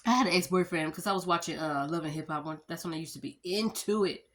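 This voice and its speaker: Woman in her 30s rambling thru a storytime vlog, kinda low voice, chatty, y'all this y'all that. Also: quick pace, a bit bright. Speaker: vlogger. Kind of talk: casual storytime chat.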